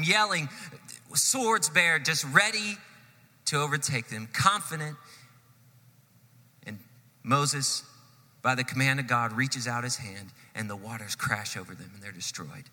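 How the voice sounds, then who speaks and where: A man preaching a sermon, telling a story with animated swells and sudden drops in loudness. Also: mid-range voice, long reverb tail. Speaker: pastor.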